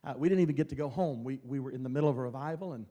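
A middle-aged man from Mississippi, a traveling evangelist, telling stories that build into loud, shouted Pentecostal preaching. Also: medium pitch, racing. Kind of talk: Pentecostal sermon.

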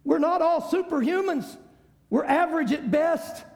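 A man preaching a sermon, swinging between shouted climaxes and hushed passages. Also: very high voice, normal speed.

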